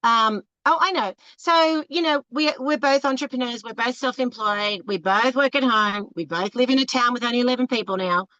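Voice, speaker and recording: A woman's voice: on the high side, moderate pace, hardly any pauses, no echo, dull audio. An Australian woman in her fifties, a relationship coach giving candid, emphatic advice and acting out other people's voices as she talks. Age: 50s. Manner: emphatic, animated, acts out quoted voices. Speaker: relationship coach, podcast guest.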